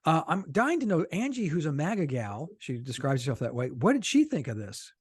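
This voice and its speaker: A middle-aged man from the United States co-hosting a political podcast, animated and quick to laugh, with blunt, salty asides. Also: on the high side, breathy edge, no room sound, clean studio sound. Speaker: podcast co-host, political cartoonist. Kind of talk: casual political chat.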